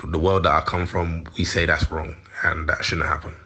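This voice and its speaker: Low-voiced London man, heated and slangy. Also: level tone, sharp tone, slightly rough. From London, England. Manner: heated, slangy, quick to laugh. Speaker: interview guest. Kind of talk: candid interview chat.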